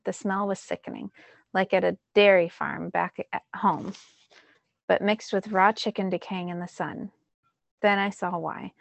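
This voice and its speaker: Teacher reading a novel aloud, gravelly, dry close sound. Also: female voice, medium pitch, measured pace, no echo. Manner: first-person narration with lively emphasis.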